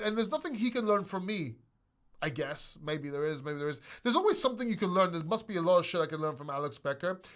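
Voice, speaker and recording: A man's voice: fairly high pitch, a bit bright. Blunt, rambling crypto host, man. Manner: rambling, blunt, swears, restarts often. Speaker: crypto channel host answering questions. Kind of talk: casual livestream Q&A.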